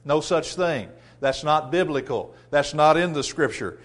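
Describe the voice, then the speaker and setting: A man preaching a sermon, reading scripture loudly and dropping to quiet rhetorical asides. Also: fairly high pitch, animated, unhurried. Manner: emphatic, rising loud on scripture readings.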